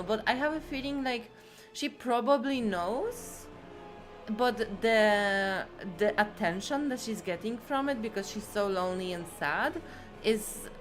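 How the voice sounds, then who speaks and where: A woman game streamer chatting casually, rambling and swearing freely. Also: medium pitch. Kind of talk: casual chat.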